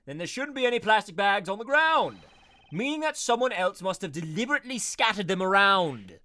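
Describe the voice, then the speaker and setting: A man voicing a composed, logical male prosecutor for a fan voice-over of a game, speaking in a measured way. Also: sits high, sing-song, pushed and bright, voice pushed up, heavily acted. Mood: reasoning. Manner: measured, deliberate reasoning.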